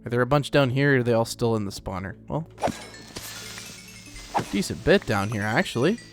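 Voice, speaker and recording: Over background music, an animated young Oklahoman with a medium-pitched voice and a local accent rambles through a casual let's play. His pace is moderate, and his commentary is chatty and self-deprecating.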